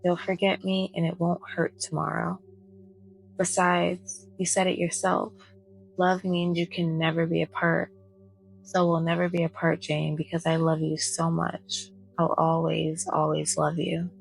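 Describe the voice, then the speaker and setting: A woman reading the lines of a tender, sorrowful male imaginary friend in a soft-spoken bedtime story. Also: fairly low pitch, little pitch movement, measured pace, creaky, soft background music, low-quality recording. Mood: gentle.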